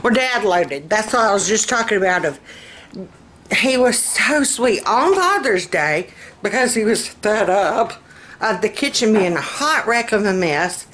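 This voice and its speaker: A woman's voice: medium pitch, animated, unhurried, fairly bright tone. A middle-aged woman with a Southern US accent, chatting casually to her vlog camera in her kitchen. Her speech is slightly slurred from denture adhesive, and she is folksy and laughs often. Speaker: vlogger. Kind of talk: casual chat.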